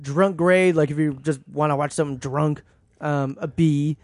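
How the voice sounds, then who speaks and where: A man's voice: a little high, steady tone, normal speed, a little mellow, dry recording. A man with a slightly raised voice rambling through a casual podcast chat, full of fillers. He talks close to the mic in a dry, dead room. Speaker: podcast co-host.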